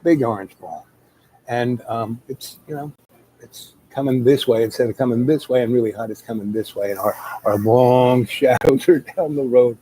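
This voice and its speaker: Mellow-voiced man telling a rambling story. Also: mid-range voice, normal speed, husky, rough recording. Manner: rambling, many fillers and restarts. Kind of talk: casual spoken storytelling.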